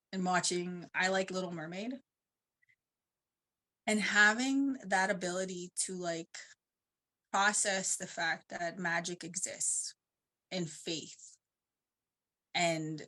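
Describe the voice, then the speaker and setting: A woman's voice: fairly low pitch, sharp tone. A woman on a conference panel telling a personal story in a casual, rambling way, often saying 'like'.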